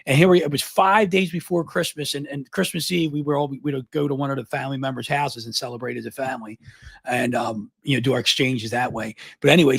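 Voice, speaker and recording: A middle-aged man from Baltimore, a guest on a live interview, telling a long story at high speed, often repeating words and restarting. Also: creaky, breathy edge, no room sound. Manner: fast, energetic, long-winded storytelling.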